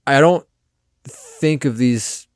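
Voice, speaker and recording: A man co-hosting a casual film review podcast, rambling in a relaxed way and often trailing off quietly. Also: medium pitch, slow pace, dry recording, studio quality. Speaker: podcast co-host.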